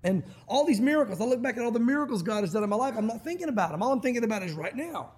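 A middle-aged man preaching a sermon as pastor, animated and acting out quoted voices. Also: very high voice, racing.

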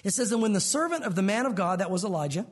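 A man preaching a sermon as a pastor, lively and animated, acting out the voices of the people in his stories. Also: sits high, very fast, slightly rough.

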